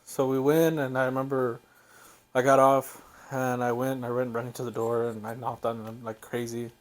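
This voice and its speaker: A young man hosting a podcast, recalling a painful family memory in a halting, emotional way. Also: medium pitch, little pitch movement. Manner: halting, emotional, soft-spoken. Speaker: podcast host. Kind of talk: emotional personal storytelling.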